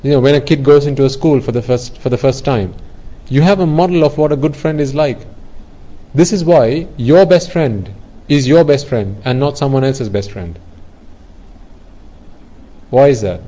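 Guy giving a buddhist talk, mellow warm voice, earnest, keeps repeating himself while he explains. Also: medium pitch, moderate pace, low-quality recording. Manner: earnest, repetitive, explaining with everyday examples. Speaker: Buddhist teacher. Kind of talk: dharma talk.

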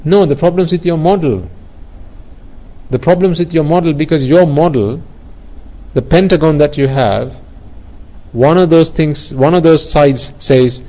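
A man's voice: on the high side, unhurried, pauses often, warm tone, rough recording. A man giving an earnest Buddhist dharma talk, explaining ideas through everyday examples and often repeating himself. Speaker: Buddhist teacher.

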